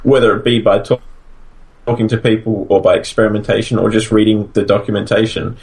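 A man's voice: on the low side, flat delivery, brisk, creaky, darkish tone. A man co-hosting a podcast in casual chat, rambling and restarting his sentences. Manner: rambling, restarts often, laughs at own stories. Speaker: podcast co-host.

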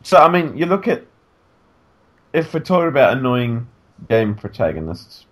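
A sleepy man co-hosts a casual podcast from bed. He keeps yawning but talks in an animated, joking way, trailing off and restarting as he goes. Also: mid-range voice, normal speed. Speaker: podcast co-host. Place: in bed at home.

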